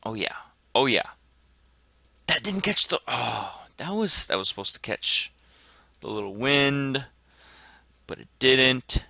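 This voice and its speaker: A man commenting excitedly on his gameplay as a gaming channel host, dropping to whispers and bursting into shouts. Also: medium pitch, takes it slowly, vocal fry, no echo. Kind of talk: let's play commentary.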